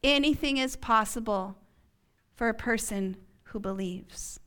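Slow, earnest woman preaching a sermon. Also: on the high side, clear, resonant tone. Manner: earnest, slow and emphatic, dropping to a hushed whisper at key points. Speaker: pastor. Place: church.

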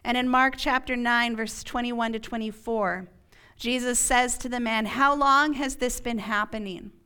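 Woman pastor, sermon, slightly high and clear voice, unhurried emphatic delivery. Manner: earnest, slow and emphatic, dropping to a hushed whisper at key points. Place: church.

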